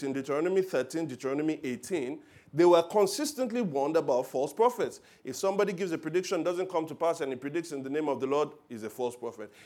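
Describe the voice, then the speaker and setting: Lively man preaching. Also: fairly high pitch. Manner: animated storytelling preacher, shifts between loud emphasis and quiet asides. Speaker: pastor. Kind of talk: sermon.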